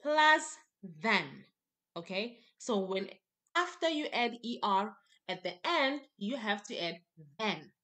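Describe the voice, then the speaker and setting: Brief: woman English teacher, unhurried delivery, patient and emphatic, repeats each step. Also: medium pitch, expressive, sharp tone. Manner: patient, repetitive, emphatic explanations. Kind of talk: classroom grammar lesson.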